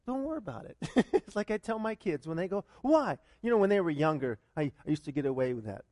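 A man's voice: on the high side, lively intonation, quick pace, darkish tone, no echo, clean studio sound. A man who is a pastor, preaching a conversational sermon full of rhetorical questions and repeated starts.

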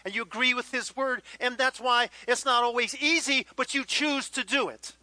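Male pastor, high and sharp-toned, chatty sermon delivery, dry close sound. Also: moderate pace, dry recording, low-quality recording. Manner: conversational, acts out little dialogues with the congregation. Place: church hall with live congregation.

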